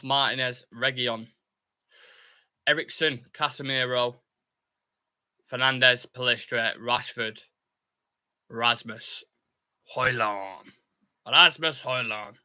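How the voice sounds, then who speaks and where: A young man hosting a live football watchalong, chatting casually, reading out viewer comments and cheering on his team. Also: mid-range voice. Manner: chatty, reads viewer comments aloud, excitable bursts. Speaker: fan channel host.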